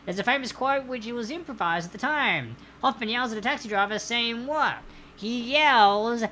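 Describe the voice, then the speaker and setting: A woman's voice: fairly high pitch, normal speed, sharp tone, slight background noise. A woman hosting a live-streamed trivia night, reading out answers in a chatty, upbeat way and greeting viewers by name. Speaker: trivia host.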